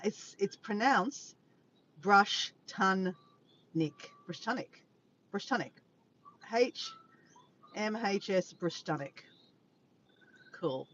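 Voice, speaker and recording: A tired Australian woman chatting casually from her car to live viewers, rambling, greeting them by name and correcting herself. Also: mid-range voice. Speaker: vlogger livestreaming to viewers. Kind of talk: casual chat to a live audience. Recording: dull lo-fi with faint background noise.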